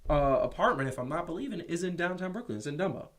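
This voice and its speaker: Opinionated man, animated sports chatter. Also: a little high, very fast. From New York. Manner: animated, opinionated, frequent restarts. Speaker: podcast co-host. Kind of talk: casual sports talk. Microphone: streamed show mic.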